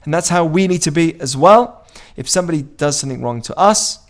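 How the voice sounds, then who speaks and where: An expressive man with a fairly high voice speaks a bit fast as he gives an informal Torah class. Conversational throughout, he questions his audience and acts out the dialogue he's quoting.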